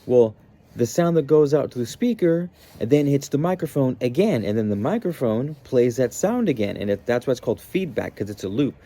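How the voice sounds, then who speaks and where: A man's voice: mid-range voice, expressive, a little fast, mellow. A man hosting a spiritual self-help video, talking casually and earnestly, often restarting and trailing off mid-thought. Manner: earnest, motivational. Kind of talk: casual explanatory monologue.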